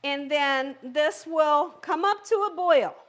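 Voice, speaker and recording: A woman's voice: high voice, slow. A woman hosting a live cooking stream from her home kitchen, chatty and encouraging, talking straight to her viewers. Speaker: cooking channel host.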